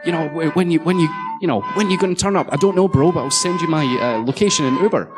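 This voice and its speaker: A man's voice: on the high side, fast, loud music behind the voice, pitched above the performer's own voice, close to an everyday voice. A man voicing a cocky young male crook chatting casually with a mate, stumbling and slangy in a conference talk.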